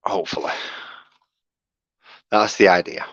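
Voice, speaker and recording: A man's voice: on the low side, fairly even intonation, measured pace, a bit bright, dry recording, muffled recording. A man chatting casually on a live stream while he sets up his hobby gear, muttering to himself as he fiddles with things, on a wired headset. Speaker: streamer painting miniatures.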